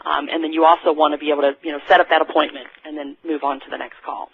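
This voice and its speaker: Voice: medium pitch, level tone, racing, creaky, slightly rough, dry recording. A sales trainer giving a recorded training talk in a conversational way, often restarting sentences. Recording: dull, dry lo-fi recording.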